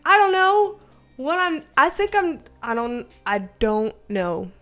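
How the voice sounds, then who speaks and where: Reading her chat aloud on a laid-back livestream, a young female host laughs a lot, curses occasionally and keeps up casual conversation. She speaks slowly in a high, sing-song, slightly bright voice over faint background music.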